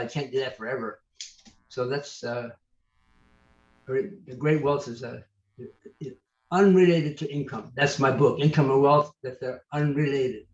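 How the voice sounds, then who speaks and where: An older man, an author, telling lively anecdotes as an interview guest, often restarting his sentences. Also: mid-range voice, reverberant, muffled recording. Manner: animated, anecdotal, trails off and restarts. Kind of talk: storytelling interview answers.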